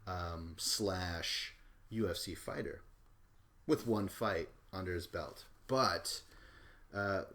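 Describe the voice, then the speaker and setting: A man with a somewhat low voice hosts a podcast solo. He recaps in a loose, rambling way and tosses in offhand profanity. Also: slow pace, fairly bright tone. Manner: rambling and offhand, swears casually. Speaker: podcast host. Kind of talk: casual recap commentary.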